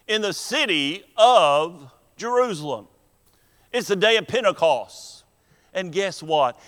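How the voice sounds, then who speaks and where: Preacher, high voice, big hall echo. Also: male voice, fairly bright tone. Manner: earnest, deliberate preaching with emphatic pauses. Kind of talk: sermon. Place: church sanctuary. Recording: long hall reverb in a church.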